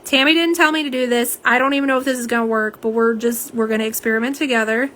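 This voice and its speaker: She speaks fast in a fairly high, fairly bright voice with fairly even intonation, over slight background noise. Running a live nail polish stream, she chats casually and directly with viewers as "y'all," reading out their comments and replying.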